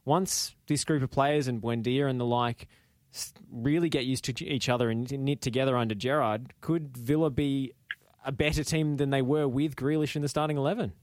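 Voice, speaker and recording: Casting: male host, mid-pitched, relaxed and curious, dry close recording. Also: normal speed, no room sound. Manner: inquisitive, relaxed, builds long questions. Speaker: podcast host. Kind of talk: conversational interview.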